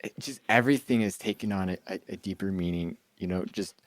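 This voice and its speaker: A man's voice: deep voice, quick pace, dry recording. A male podcast host speaking reflectively and hesitantly in a casual interview. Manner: soft-spoken, reflective, hesitant.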